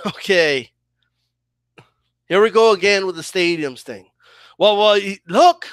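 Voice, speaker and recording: A man's voice: high-pitched, lively intonation, moderate pace, pauses often, fairly bright tone, dry recording. A man giving a heated boxing opinion rant as a commentator, fired up and repeatedly asking "okay?" and "right?".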